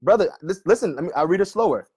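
A male preacher arguing with a commenter online, often calling him brother and reading scripture slowly and repeatedly. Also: high-pitched, expressive, darkish tone, slightly rough. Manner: argumentative, keeps addressing "brother", reads verses slowly and repeats them.

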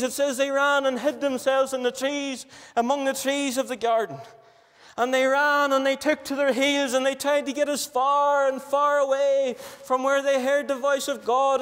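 A man with a Northern Irish accent preaching a fervent gospel sermon, stretching out repeated phrases. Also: extremely high pitch. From Northern Ireland. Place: gospel hall. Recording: reverberant hall.

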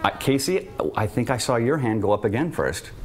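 A man's voice: medium pitch, animated, fairly quick. A man hosting a student television quiz show, announcing answers, scores and guests in an upbeat way. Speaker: host.

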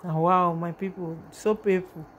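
A woman's voice: lowish voice, fairly even intonation, measured pace, a little hiss or hum. A woman with a Nigerian accent giving an emotional, rambling vlog commentary on a video, often calling out to her viewers.

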